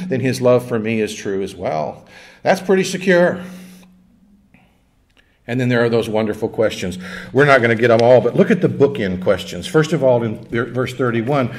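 A man's voice: medium pitch, darkish tone. Male pastor, mid-range voice, chatty sermon with jokes and call-and-response, in a church. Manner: conversational preaching, jokes and audience call-and-response. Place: church sanctuary.

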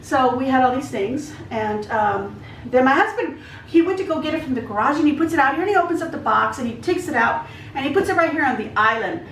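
A woman's voice: high voice, expressive, brisk, a bit bright, recorded from a distance, slight background noise. A woman telling a long story in a chatty, rambling way while she cooks at home. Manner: chatty, rambling with many asides. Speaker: vlogger. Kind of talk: casual storytelling while cooking. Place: home kitchen. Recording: echoey kitchen, voice from off-mic.

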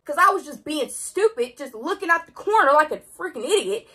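Animated high-voiced young woman storyteller. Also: brisk. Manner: animated, slangy, dramatic retelling. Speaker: vlogger. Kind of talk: casual storytime.

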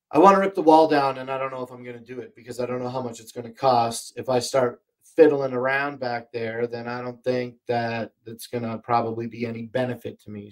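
A man's voice: medium pitch, darkish tone. A man hosts a livestream shopping show from his home studio, talking loosely and rambling with plenty of fillers and restarts. His voice sounds strained and tight, breaking now and then. He sits more than an arm's length from a desk microphone. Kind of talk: casual livestream product chat. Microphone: desk microphone, more than an arm's length away.

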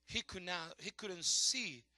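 Preaching slowly and with a high-sitting voice, a middle-aged pastor alternates passionate shouts with hushed tones. His grammar is a bit non-native. No room sound is audible.

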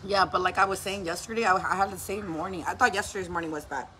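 A woman's voice: lowish voice, fast talker, slight background noise. A woman in her thirties, a mother, telling a story in a casual vlog, cursing and acting out what people said. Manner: animated, profane, acts out quotes. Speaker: mother vlogger.

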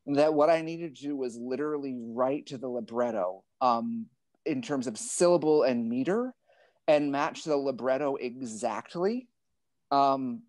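A man's voice: medium pitch, dry recording. A man, a librettist and translator, talking about his work over a video call in a thoughtful, digressive, wry way.

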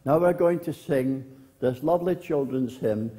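A man, a minister, giving a gentle storytelling children's address in church. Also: medium pitch, normal speed.

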